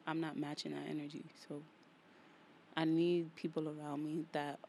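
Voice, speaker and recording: New York woman hosting a chatty solo podcast, slangy and animated, faint hiss behind. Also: low voice, normal speed, vocal fry. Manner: animated, playful, slangy, vents with emphatic repetition. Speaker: podcast host. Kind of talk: casual solo podcast monologue.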